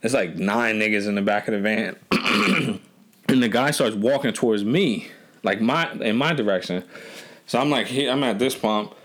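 A man's voice: fairly low pitch, lively intonation, normal speed, fairly bright tone. A man casually telling a road trip story on a podcast, loose and profane, with lots of restarts.

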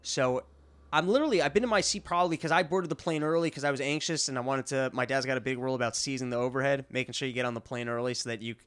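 A man co-hosting a casual chat, telling stories in an animated way. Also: medium pitch, very fast, hardly any pauses. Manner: animated storytelling, laughing often.

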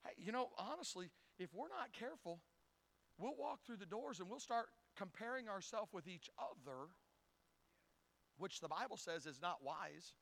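A man's voice: sits high, expressive, normal speed, gravelly, fairly bright tone. A man preaching a folksy, humorous sermon who acts out little scenes and often stumbles and repeats words. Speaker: pastor.

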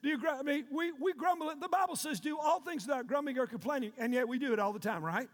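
A man preaching a sermon, shouting and calling out questions to his congregation. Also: very high voice, fast. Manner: preaching with loud shouted call-and-response. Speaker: pastor. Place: church sanctuary. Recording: long reverb of a large hall.

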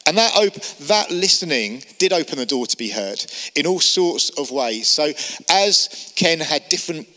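Male pastor, middle-aged, lively storytelling sermon, long church reverb. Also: a little high, normal speed. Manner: lively storyteller, quotes people in character.

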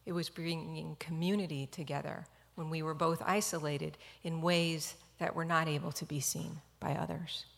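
Earnest woman storyteller, gravelly voice, hall echo. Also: low-pitched, level tone, moderate pace, hardly any pauses. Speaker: physician. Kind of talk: personal storytelling talk.

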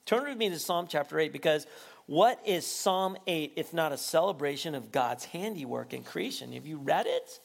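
High-voiced animated male preacher. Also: normal speed, vocal fry. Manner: animated, rising to near-shouting at peaks, laughing often. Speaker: pastor. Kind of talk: sermon.

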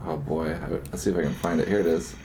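A man co-hosting a podcast in a relaxed, laid-back chat. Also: low-pitched, fast talker, a little hiss or hum. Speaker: podcast host.

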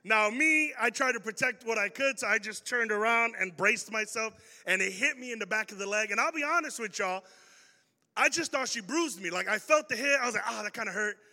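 A young man giving a storytelling youth talk to a live audience, animated and joking and speaking straight to the crowd. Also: sits high, fairly quick, big-room sound.

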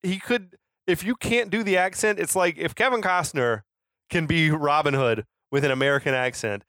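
A man's voice: fairly high pitch, normal speed, a bit bright, dry recording, clean studio sound. A man casually discussing a movie as a podcast co-host, incredulous and often laughing and swearing.

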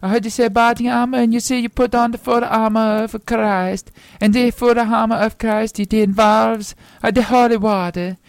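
A woman voicing a small, creepy male holy water boy in a put-on bad Italian accent, halting and full of fillers. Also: a little high, fairly even intonation, a little mellow, no room sound, close to an everyday voice. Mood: earnest.

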